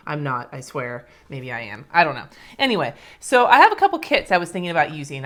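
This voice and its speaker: A woman's voice: sits low, pushed and bright. A woman from California chatting casually on a live stream, answering viewers by name and swearing freely as she plans her week. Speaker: planner vlogger reading live comments. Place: home, indoors.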